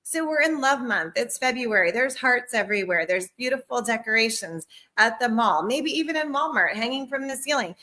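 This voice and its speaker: A woman with a bright, forceful voice, set a little high, runs a live-streamed sales training from home. She talks in an upbeat, chatty way, laughs often, and is fighting a cough. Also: animated, moderate pace.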